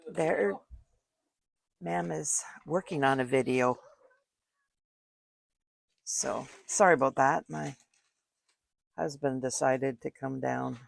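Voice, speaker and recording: A woman's voice: a bass voice, slow pace, gravelly, pauses often, no room sound. An older woman chatting casually as she makes a card at home, thinking aloud while she works. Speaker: card-making crafter. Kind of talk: casual crafting tutorial. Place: home craft room. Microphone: desk microphone.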